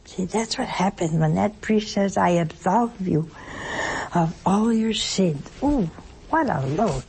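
Older woman, nun and TV host; unhurried, lively spiritual teaching with an easy chuckle. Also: medium pitch, vocal fry, husky. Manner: folksy and playful, chuckling often between points. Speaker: nun hosting a call-in television program. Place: television studio.

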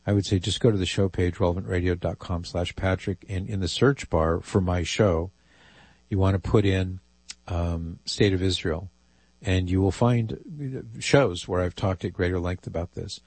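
A man's voice: low voice, steady tone, moderate pace, darkish tone, dry recording. A man hosting a call-in radio show, reading listener emails aloud with amused asides. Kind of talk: casual call-in radio talk.

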